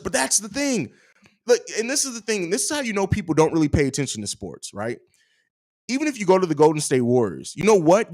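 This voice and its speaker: A young man hosting a casual live stream, talking in slang and reading viewer comments aloud. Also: a little high. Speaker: host of a fan live stream.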